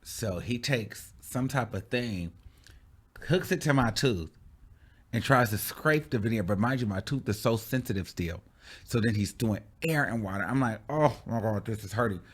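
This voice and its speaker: A man on his channel telling a story time monologue casually, animated, dramatic and full of exclamations. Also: medium pitch, normal speed, breathy edge. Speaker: YouTube storyteller.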